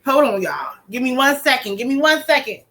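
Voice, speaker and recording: A woman tarot reader giving a casual pick-a-card reading, talking straight to viewers in a chatty, slangy, animated way. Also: sits high, brisk, low-quality recording.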